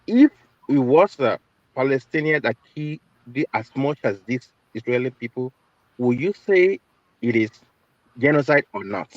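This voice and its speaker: A man presses the same question over and over in an online debate, pushing for a clear answer. His voice comes through dull and lo-fi. It is dry, with no room sound. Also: mid-range voice, expressive, moderate pace, no echo. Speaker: questioner in panel. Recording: dull lo-fi online call audio.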